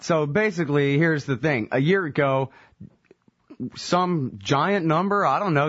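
A man's voice: mid-range voice, a bit bright, dry recording. A man hosting a radio talk show, blunt and sarcastic, swearing casually as he asks questions. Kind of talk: radio discussion. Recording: dull band-limited radio audio.

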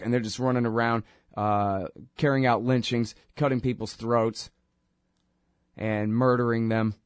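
A man hosting an opinion talk show, rambling and animated with a sarcastic streak. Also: medium pitch, dry recording, studio quality.

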